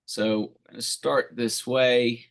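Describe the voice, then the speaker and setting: A man's voice: mid-range voice, little pitch movement, slow pace. A middle-aged man, a referee coach, presenting on a video call in an upbeat, encouraging way and reading chat replies aloud.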